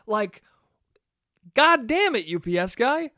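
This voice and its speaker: A man hosting his own podcast, telling stories in a casual, profane way and often laughing at himself. His voice is fairly high and smooth. The sound is dry and close. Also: very animated, measured pace, bright, forceful tone, no room sound. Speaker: podcast host. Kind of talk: casual solo storytelling podcast.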